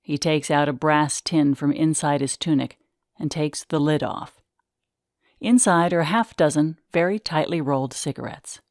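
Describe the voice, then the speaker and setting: A woman narrating the stage directions of a script reading in a measured way. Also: low-pitched, darkish tone, no room sound, clean studio sound.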